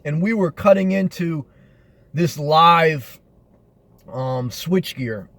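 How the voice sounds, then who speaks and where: A man in an earnest, measured motivational monologue, often circling back with fillers and repeated phrases. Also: a little high, a bit bright, dry recording. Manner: earnest, repetitive, measured delivery with many fillers. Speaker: motivational vlogger.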